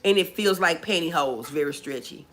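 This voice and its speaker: A woman's voice: low voice, lively intonation, normal speed, a bit bright. A woman hosting a casual livestream, chatting with viewers in the comments and calling them boo and baby. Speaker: livestream host. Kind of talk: casual live chat reading comments.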